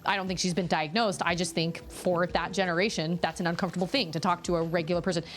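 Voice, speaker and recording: A woman chatting casually with her viewers while streaming a game from home, rambling through stories in an expressive way. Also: lowish voice, quick pace. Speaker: gaming streamer. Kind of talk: casual livestream chat while gaming. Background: faint game music.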